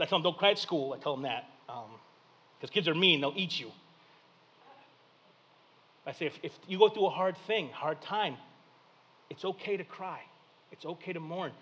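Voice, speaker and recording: A man delivers a sermon as a pastor, his voice sitting noticeably high for a man. He talks in plain, folksy speech, stumbling over a word now and then. He swings between big, lively preaching and soft, hushed storytelling.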